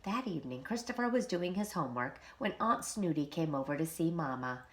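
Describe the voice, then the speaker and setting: A woman, a preschool teacher, reading a children's storybook aloud in an expressive, animated way. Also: sits low, fairly quick, few pauses.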